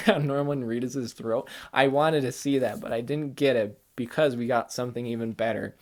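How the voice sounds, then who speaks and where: A man hosting a gaming channel, rambling excitedly through a casual spoiler chat with lots of "like" and "kinda". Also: medium pitch, moderate pace, few pauses. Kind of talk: casual spoiler chat about a video game.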